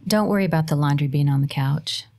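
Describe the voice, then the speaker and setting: A woman's voice: low voice, fast talker, a little mellow. A middle-aged woman on a podcast, earnestly giving motherly advice in casual chat. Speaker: guest mother.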